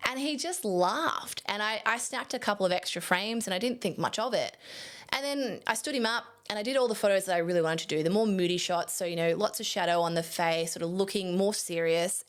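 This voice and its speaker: A young adult woman, a photographer, casually telling a story to camera in a chatty, animated way, laughing at herself now and then. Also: medium pitch.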